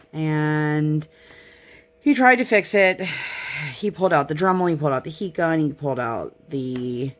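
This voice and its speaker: A young woman chatting casually on her crafting vlog, rambling and self-deprecating as she talks close to the mic. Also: sits low. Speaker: crafting vlogger. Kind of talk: casual chat while crafting.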